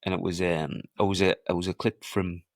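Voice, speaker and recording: Deep-voiced, sweary man talking movies. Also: level tone, brisk, dry recording, studio quality. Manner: sweary, enthusiastic storytelling. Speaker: podcast co-host. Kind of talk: casual movie chat.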